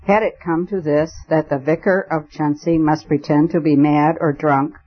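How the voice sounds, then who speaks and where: A man's voice: on the high side, fairly even intonation, moderate pace. Man narrating an audiobook. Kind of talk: first-person audiobook narration. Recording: dull lo-fi recording.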